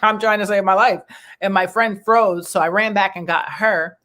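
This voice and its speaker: A middle-aged woman from the New York area hosting a talk show, telling stories in a lively, animated way. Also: mid-range voice, brisk. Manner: animated storyteller who acts out quoted voices. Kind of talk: casual chat, storytelling.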